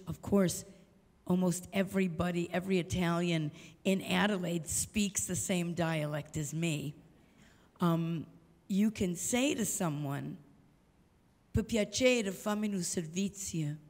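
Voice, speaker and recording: A woman's voice: on the low side, darkish tone. An older woman giving a storytelling lecture, animatedly acting out the voices of the people she quotes. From United States. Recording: long hall reverb.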